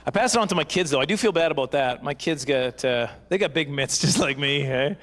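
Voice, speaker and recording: Stand-up in his forties, slightly high voice, rambling self-deprecating delivery. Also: expressive, moderate pace, fairly bright tone. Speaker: stand-up comedian. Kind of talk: stand-up comedy. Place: live banquet stage.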